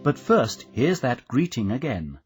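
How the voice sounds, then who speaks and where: A man narrating a language course, guiding the listener with steady, scripted explanations. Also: mid-range voice, measured pace, breathy edge, soft background music.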